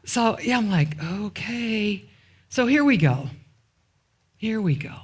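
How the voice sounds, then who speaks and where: A woman's voice: mid-range voice, fairly bright tone. Woman pastor giving a sermon in church, chatty, keeps asking the crowd questions, lots of casual asides. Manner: asks the congregation rhetorical questions and waits for answers. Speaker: minister. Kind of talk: conversational sermon. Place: church sanctuary.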